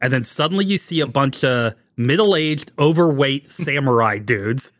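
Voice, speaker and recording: A man's voice: medium pitch, lively intonation, moderate pace. A man co-hosting a podcast, chatting casually and laughing often as he recounts scenes. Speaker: podcast co-host. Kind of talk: casual chat.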